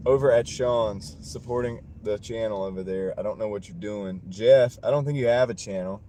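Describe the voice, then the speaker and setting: A man's voice: medium pitch, dark tone. A man live-streaming from his car while he drives, chuckling often as he reads and answers viewer comments. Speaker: livestreaming delivery driver. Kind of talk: casual live-stream chat. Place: inside a car while driving. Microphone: wireless clip-on mini mic. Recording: road noise from the moving car.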